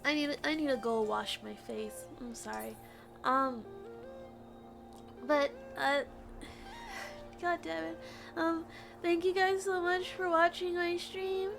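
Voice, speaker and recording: A woman livestreaming a game, tearful and emotional, exclaiming and swearing at the story before a soft sign-off, on a desk mic. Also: extremely high pitch, steady tone, slow, gravelly, long pauses, soft background music. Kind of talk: live game stream reaction.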